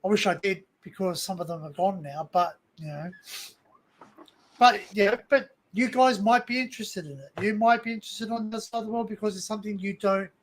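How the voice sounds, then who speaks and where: High-pitched eager Australian man. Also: fairly quick. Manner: eager, repeats himself, talks over others. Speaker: host. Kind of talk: casual chat.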